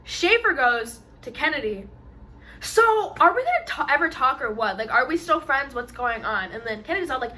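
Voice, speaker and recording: A young adult woman telling a long story in casual mukbang chat, animated and full of fillers, acting out what others said. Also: fairly high pitch, a little fast, hardly any pauses. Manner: animated storyteller, acts out quotes, many fillers.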